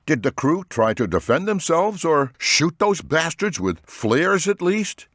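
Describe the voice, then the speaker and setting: A man's voice: fairly high pitch, very animated, unhurried, a bit bright, dry recording, studio quality, voice pushed up, heavily acted. A man voicing a shaken young male ocean researcher in an audiobook, asking urgent, pleading questions. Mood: anxious. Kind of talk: audiobook character voice.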